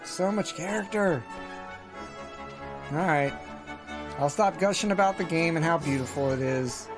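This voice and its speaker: A man's voice: on the high side, measured pace. A man giving casual gameplay commentary as a streamer, chatting with viewers enthusiastically over faint game music.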